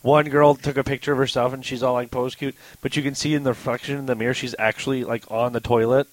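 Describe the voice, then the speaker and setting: A man's voice: mid-range voice, level tone, quick pace, a little hiss or hum, low-quality recording. Man groping for words in chat. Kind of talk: casual chat.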